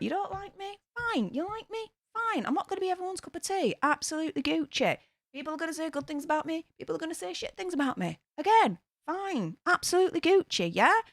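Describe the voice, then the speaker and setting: A woman's voice: high-pitched, fairly bright tone, dry recording, clean studio sound. A young adult woman with a Yorkshire accent, chatting blunt and casual on a livestream, reading out fan messages and swearing freely. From Yorkshire, England. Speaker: YouTube livestream host. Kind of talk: casual livestream chat reading super chats.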